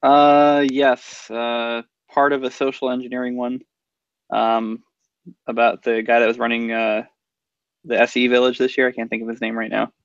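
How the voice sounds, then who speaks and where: A man co-hosting a casual tech podcast, speaking haltingly with many fillers. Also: mid-range voice, little pitch movement, no echo. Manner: halting, full of fillers and restarts. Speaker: podcast co-host. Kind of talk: casual chat. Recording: dull, lo-fi dry sound.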